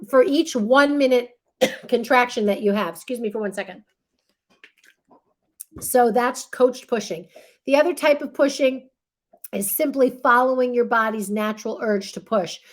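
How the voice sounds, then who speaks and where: A middle-aged woman teaching a childbirth class in a chatty, reassuring way, checking in with her listeners as she acts out what midwives and nurses say. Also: on the high side. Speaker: childbirth educator. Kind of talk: casual instructional talk with a demonstration.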